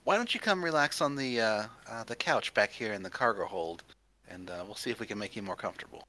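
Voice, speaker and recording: A man's voice: fairly low pitch, lively intonation, quick pace, sharp tone, a little hiss or hum. A man voicing a polite, formal medical droid. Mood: calm. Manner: courteous, formal.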